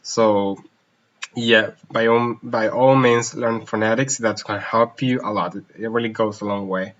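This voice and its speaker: A man's voice: lowish voice, fairly even intonation, a little slow, fairly bright tone. A man hosting a casual live question-and-answer stream as a language teacher, reading viewer questions and hopping between languages. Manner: switches languages mid-sentence, reads questions aloud. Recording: slightly dull lo-fi stream audio.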